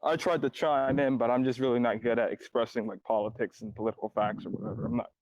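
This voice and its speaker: A man with a mid-pitched voice talks hesitantly in a casual voice chat. He leans on fillers and trails off as he searches for words. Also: steady tone, fast talker, darkish tone, no echo, rough recording.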